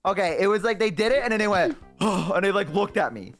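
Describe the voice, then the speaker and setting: A young man chatting casually, rambling and swearing a lot, jumping into lively impressions as he tells stories. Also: high voice, quick pace, faint music behind. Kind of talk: casual chat.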